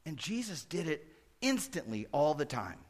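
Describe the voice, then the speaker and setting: A middle-aged pastor preaching a conversational sermon that rises to emphatic peaks. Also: male voice, a little high, very animated, moderate pace.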